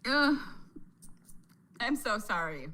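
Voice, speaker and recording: A woman's voice: fairly high pitch, very animated, takes it slowly, sharp tone, rough recording. A woman hosting a casual reaction chat, a mother who laughs a lot and exclaims often as she talks. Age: adult mother. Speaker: reaction video host.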